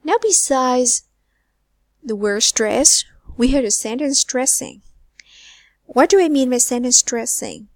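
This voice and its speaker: A woman with a high voice runs an English lesson recorded online, and the recording is dry. She questions learners and slowly repeats words, with the ends of her phrases sinking to a near whisper.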